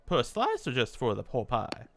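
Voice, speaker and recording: Man, tabletop player, folksy, polite, lively, swooping delivery. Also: medium pitch, moderate pace, soft background music. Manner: folksy and polite, playing along. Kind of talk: tabletop role-play, in-character chat.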